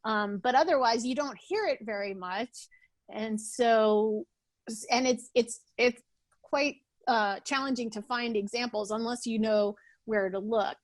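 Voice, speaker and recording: A woman guests on a podcast via video call, speaking casually and restarting often. Her voice is a little high and her pace a little slow, captured in a dry recording.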